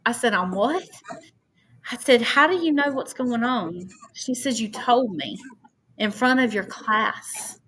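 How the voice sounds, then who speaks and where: A woman's voice: fairly high pitch, expressive, measured pace, a bit bright, breathy edge, poor audio. A woman, a podcast guest earnestly recounting a personal story and quoting others at length. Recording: faint background noise.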